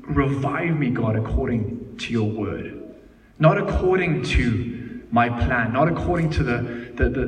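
A man in his thirties preaching a sermon, lively and laughing as he tells family stories. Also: medium pitch, a little hiss or hum. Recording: echoey hall, mic at a distance.

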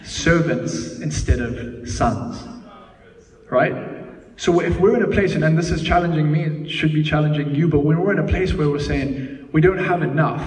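A man in his thirties preaching a sermon, lively and laughing as he tells family stories. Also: fairly high pitch. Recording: echoey hall, mic at a distance.

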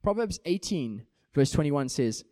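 A man preaching a sermon in an animated way, acting out small everyday scenes to make his points. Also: a little high, unhurried, no room sound, studio quality.

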